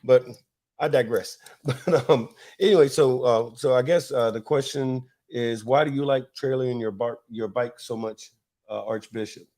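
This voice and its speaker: A man's voice: mid-range voice, normal speed, dark tone. Male podcast host from Florida, loose rambling storyteller, laughs often, mid-range voice. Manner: rambling, laughing, many fillers. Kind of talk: casual storytelling chat.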